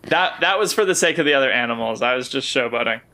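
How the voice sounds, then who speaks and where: A man's voice: mid-range voice, lively intonation, fast talker, bright, forceful tone. A man playing a tabletop game, eager and playful as he explains his moves. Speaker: player.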